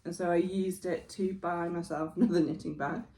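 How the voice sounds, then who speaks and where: A woman's voice: lowish voice, fairly even intonation, normal speed, dark tone, a little hiss or hum. A middle-aged woman with a New Zealand accent, co-hosting a podcast in casual, chatty talk full of fillers and laughs. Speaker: podcast co-host. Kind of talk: casual chat.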